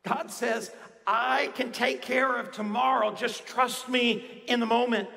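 A man preaching a sermon as pastor, swinging between emphatic near-shouts and hushed, low-spoken passages, repeating key phrases for effect. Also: steady tone, unhurried, gravelly. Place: church auditorium. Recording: long reverb of a large hall.

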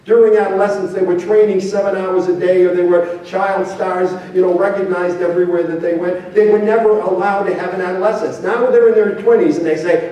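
Addressing an audience of parents in a big hall, a former teacher, now an older man, tells stories and acts out quotes, frequently sinking to a low, quiet voice for emphasis. His intonation is fairly even and he speaks a bit quickly, barely pausing. The very echoey room makes him sound distant.

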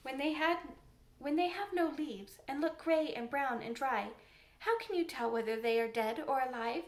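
A woman's voice: sits high, normal speed, natural voice. A woman voicing a curious, eager little girl who asks question after question, sometimes hesitant. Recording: roomy echo.

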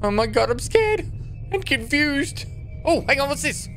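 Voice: sits high, big pitch swings, measured pace, over music. A gaming channel host giving jumpy, joking commentary while playing a horror game, laughing and narrating every move.

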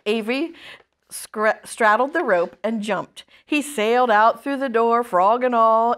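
Woman reading a kids' storybook aloud, higher voice, real expressive. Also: unhurried. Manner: expressive, lively read-aloud. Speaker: children's ministry storyteller.

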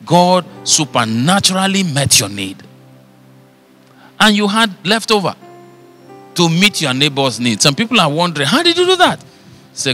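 Fervent pastor, slightly high voice. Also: male voice. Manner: fervent preaching, loudness swelling and falling. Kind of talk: sermon.

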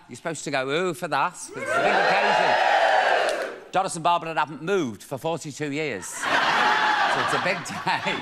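Cheeky male chat show host, lively pitch. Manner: quick-witted, cheeky asides. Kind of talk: camp comic chat, reading viewers' letters. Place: TV studio with live audience. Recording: TV broadcast with loud audience and noise.

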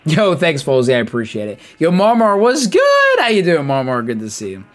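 A young man giving lively live commentary on his game, chatty and hyped, greeting viewers by name. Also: medium pitch, brisk. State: out of breath. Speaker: streamer.

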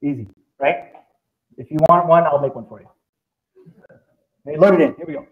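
A man giving an excitable live software demo to a class, full of exclamations and sound effects. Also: on the high side, fairly quick. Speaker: presenter. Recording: dull lo-fi presentation recording.

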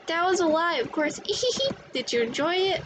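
A woman's voice: extremely high pitch, a little fast, noisy background. Woman doing a giggly creepy doll. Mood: taunting. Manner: giggles often, sing-song and teasing. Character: creepy giggling female doll, sly and gleeful. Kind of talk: amateur fan voice dub.

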